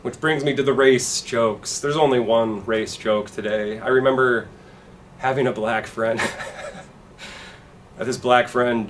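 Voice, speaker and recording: A man doing a stand-up comedy set with a dry, deadpan delivery and acted-out quotes. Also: on the low side, distant mic, a little hiss or hum.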